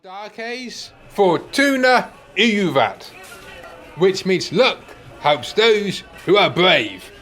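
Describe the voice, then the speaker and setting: A man's voice: high-pitched, sing-song, very slow, a bit bright, soft background music. A man playing a timid, pedantic pensioner in a comedy sketch, fussy and meek.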